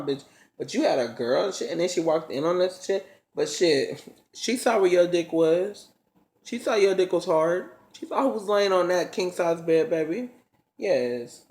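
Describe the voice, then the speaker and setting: A man with a fairly high, creaky, darkish voice tells his vlog viewers a story in blunt, profane, casual language. He dramatically acts out each scene as he goes, and the room around him is roomy and echoing.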